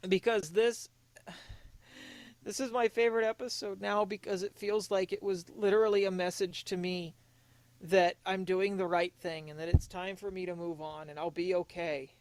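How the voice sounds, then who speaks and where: A young man on a casual podcast, talking in an earnest, confessional way, halting and restarting often. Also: high-pitched, level tone, clean tone, dry recording. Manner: emotionally open, confessional. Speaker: podcast co-host.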